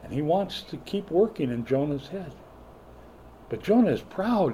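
An older man preaching a sermon, a folksy joking storyteller who builds to loud, emphatic preaching. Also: a little high, very animated, a little slow. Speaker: pastor.

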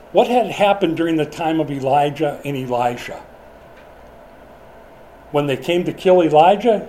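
A man's voice: a little high, dark tone, a little hiss or hum, poor audio. A middle-aged man preaching a sermon in a conversational way, asking the congregation questions as he goes. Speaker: pastor.

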